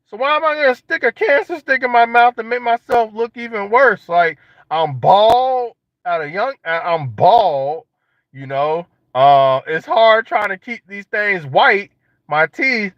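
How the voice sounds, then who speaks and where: Animated high-voiced man joking around. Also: measured pace, no room sound. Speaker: vlogger. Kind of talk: casual monologue to camera. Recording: dull lo-fi sound.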